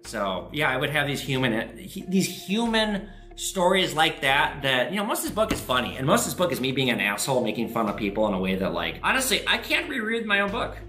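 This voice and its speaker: A man hosting his own show, answering viewer questions and telling stories in a casual, profane way. He is recorded in an echoey room with faint music. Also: brisk. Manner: animated, profane, jumps to high pitch for quoted voices. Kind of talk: casual storytelling monologue.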